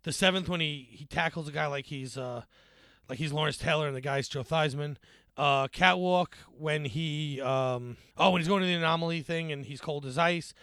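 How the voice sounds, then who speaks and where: A man's voice: on the high side, normal speed, creaky, bright, forceful tone, smooth, dry recording. A man co-hosting a podcast in casual chat, rambling and joking with frequent fillers. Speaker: podcast co-host.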